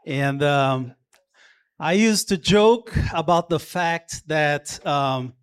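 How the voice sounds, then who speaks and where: A Brazilian pastor with a Brazilian Portuguese accent preaches a sermon to his church, warm but halting, with many pauses and restarts. His voice is on the high side and clean in tone.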